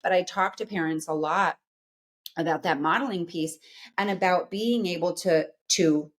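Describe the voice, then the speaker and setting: A woman's voice: on the low side, normal speed. A woman in her forties, a psychologist, talking earnestly in a casual interview and often checking in with "right?". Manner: earnest, explanatory, frequent "right?" tags. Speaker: guest, psychologist.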